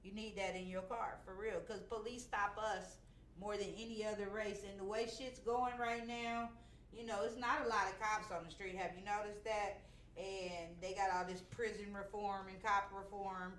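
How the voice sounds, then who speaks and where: A woman's voice: mid-range voice, steady tone, moderate pace, a bit bright. Brash middle-aged woman, roomy echo. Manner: blunt, brash, profane. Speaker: talk show host. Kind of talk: casual comedic chat.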